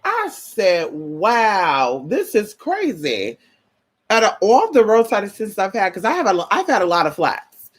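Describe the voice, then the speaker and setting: A woman's voice: mid-range voice, wildly swooping pitch, a little slow, husky. Sassy, profane woman telling a story. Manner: profane, sassy, tells a story with lots of asides. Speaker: vlogger. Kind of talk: casual storytelling vlog.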